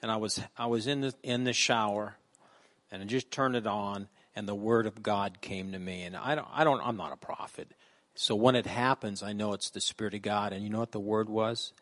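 Male preacher, lowish voice, plain testimony-style delivery. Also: fairly even intonation, a little fast, a bit bright. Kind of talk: sermon.

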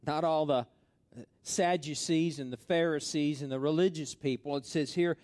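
A middle-aged pastor preaching a sermon and telling stories from his youth, swinging between hushed asides and loud, excited stretches. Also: a little high, moderate pace, no room sound.

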